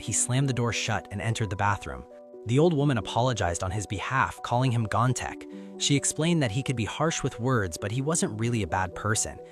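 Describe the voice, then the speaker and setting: Man narrating a recap over music. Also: on the low side. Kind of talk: scripted story recap narration.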